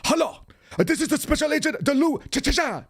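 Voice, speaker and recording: A man's voice: very high-pitched, animated, brisk, fairly bright tone, voice pushed up. A man voicing a brusque male federal agent with a thick Chinese accent, clipped and aggressive in broken English.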